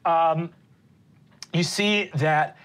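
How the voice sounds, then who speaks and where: A woman narrating as game master of a tabletop game, halting with many fillers. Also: deep voice.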